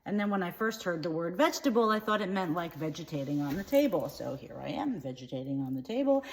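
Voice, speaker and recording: A woman playing a naive, opinionated young woman in a comedic monologue, rambling chattily in a deadpan way. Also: fairly low pitch, quick pace, a little hiss or hum. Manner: free-associating, chatty, deadpan.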